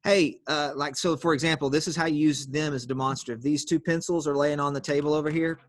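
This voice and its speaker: A man's voice: a little high, steady tone, fairly quick, no echo, studio quality. A man teaching an online grammar class on a video call, explaining patiently step by step and calling on students.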